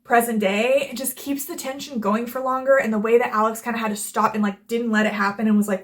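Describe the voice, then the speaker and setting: A woman's voice: fairly high pitch, fairly even intonation, a little fast, hardly any pauses, fairly bright tone. A young woman hosting a casual book and movie review, gushing and rambling with lots of filler words and acting out the characters' lines. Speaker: book reviewer and channel host. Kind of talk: casual chat.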